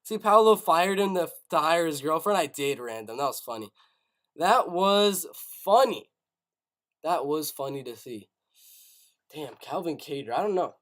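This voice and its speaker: A man's voice: on the high side, expressive, unhurried, fairly bright tone. A young man hosting a live stream, thinking aloud and often repeating himself as he stammers through ideas. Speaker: host.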